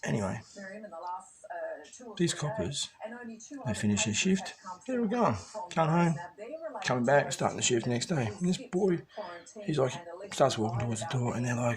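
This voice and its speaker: Australian man, profane rambling vlog rant, medium pitch, noisy crowd behind. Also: very animated, moderate pace, pauses often. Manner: heavy swearing, rambling, conspiratorial. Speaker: vlogger addressing preppers.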